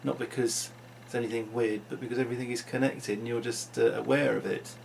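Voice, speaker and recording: A man's voice: mid-range voice, fairly even intonation, brisk, creaky, a little hiss or hum. A man talking unscripted into his vlog, musing and rambling with frequent restarts. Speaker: vlogger.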